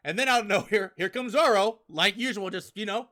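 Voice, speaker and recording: A young man hosting a podcast, chatting casually and excitedly as he talks through a manga chapter, often acting out characters' lines. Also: high-pitched, normal speed. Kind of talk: casual chat.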